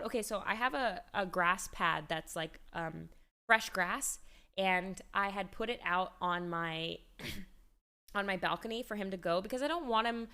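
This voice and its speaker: A woman's voice: mid-range voice, fairly bright tone, clean tone. Chatty woman streamer, laughing and rambling. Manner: chatty and rambling, restarts often, laughs easily. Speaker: livestreamer. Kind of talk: casual chat.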